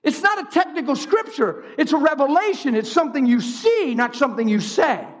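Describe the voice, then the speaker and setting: A man preaching a sermon in an animated way, swinging from high shouts down to low storytelling. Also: a little fast. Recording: long hall reverb.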